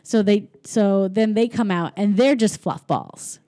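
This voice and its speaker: A woman co-hosting a podcast, casually retelling a movie plot with giggles and quick acted-out lines. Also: mid-range voice, dark tone, no room sound. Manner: rambling, giggly, acts out lines in quick voices. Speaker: podcast co-host. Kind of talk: casual chat recapping a movie.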